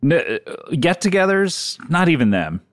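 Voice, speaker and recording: A man's voice: fairly high pitch, sing-song, normal speed, no echo, clean studio sound. A middle-aged man co-hosting a comedy podcast, teasing his partner and laughing often. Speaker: podcast co-host.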